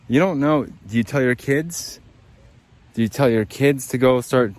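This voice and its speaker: A man's voice: medium pitch, a little slow, darkish tone. A man hosting a casual podcast, rambling and swearing as he rants and tells a story. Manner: profane, rambling, worked-up ranting. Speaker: podcast host. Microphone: studio monitors and headphones.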